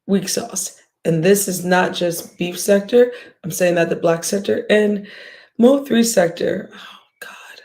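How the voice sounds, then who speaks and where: A woman's voice: lowish voice, a little slow, darkish tone. A woman hosting a livestream, ranting bluntly and profanely at her viewers with scoffs and sighs. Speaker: livestream host.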